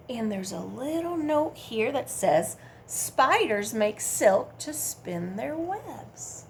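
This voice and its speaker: Children's librarian, woman, Midwestern American, high voice with a bit of fry, big swoops in pitch. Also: slow pace, hardly any pauses, slight background noise. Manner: animated, coaxing kids to join in and count. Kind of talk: children's storytime reading. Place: public library.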